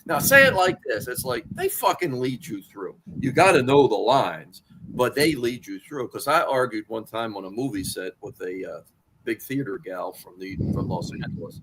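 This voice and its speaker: A man in his sixties telling wrestling stories as an interview guest, animated and profane, jumping to much higher pitch when riled. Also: normal speed, background noise. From Washington D.C. area. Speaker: interview guest, wrestling author and former manager. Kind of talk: casual storytelling interview.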